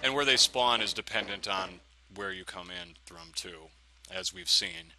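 This let's play commentator has a fairly low voice and is very animated, talking a bit slowly as he rants and curses at the enemies in his game. Game music sits clearly in the background of the poor-quality audio.

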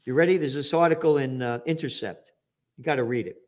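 A man at medium pitch speaks fast while hosting a show, reading news headlines and then tearing into them with profane, sarcastic rants and shouted mockery. He is a trends forecaster and show host delivering ranting commentary on the headlines.

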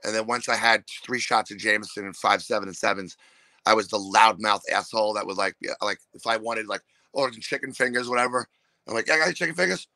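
A man with a New York accent and a lowish, sharp-edged voice rants and swears through his stories. He jumps into loud mock voices as he tells them. The recording is close and dry. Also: fairly even intonation, fairly quick, dry recording, rough recording. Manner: profane, ranting, acts out loud impressions of hecklers and drunks. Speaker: comedian guest. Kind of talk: casual podcast chat.

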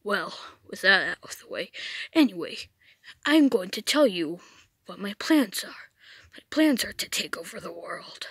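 A woman voicing a calm, scheming masked male knight villain in a low, hushed whisper, a whispered role-play. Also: a little slow, husky, no room sound, heavily acted.

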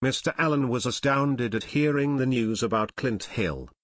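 A man narrating a full-length audiobook in a steady storytelling manner. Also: medium pitch, normal speed, dry recording, clean studio sound. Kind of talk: scripted narration.

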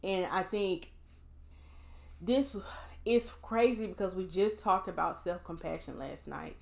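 A woman's voice: on the low side, a little slow, vocal fry. A woman vlogging candidly and encouragingly, speaking straight to her viewers while emotionally drained after a hard day. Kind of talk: casual heartfelt vlog talk.

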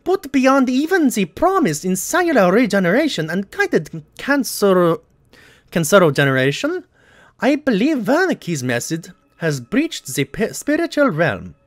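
A man's voice: sits high, sing-song, measured pace, dry recording, voice pushed up. A man voicing a stiff wartime official, reading a letter aloud in an exaggerated mock German accent. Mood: formal.

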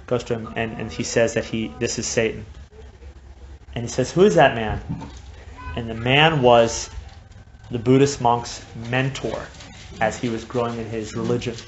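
Male preacher, middle pitch, impassioned sermon delivery that swings from hushed to loud; muffled lo-fi recording with light background noise. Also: little pitch movement, a little slow. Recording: dull lo-fi recording with faint noise.

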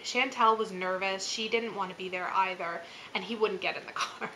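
Bright chatty woman telling a story. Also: medium pitch, a little fast, few pauses, slight background noise, poor audio. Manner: chatty, filler-heavy, laughs as she talks. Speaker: channel host. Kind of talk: casual storytelling vlog.

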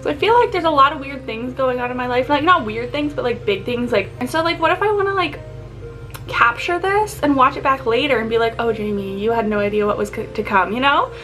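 A woman's voice: high voice, expressive, fairly quick, sharp tone, faint music behind, poor audio. A young woman chatting casually to her camera at home, rambling with lots of fillers. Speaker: vlogger. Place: apartment, indoors.

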